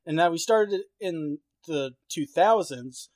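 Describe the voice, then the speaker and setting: A man's voice: fairly high pitch, lively intonation, slow pace, a little mellow, no echo. A man chatting casually as a podcast co-host, rambling and cursing with lots of fillers and restarts. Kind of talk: casual chat.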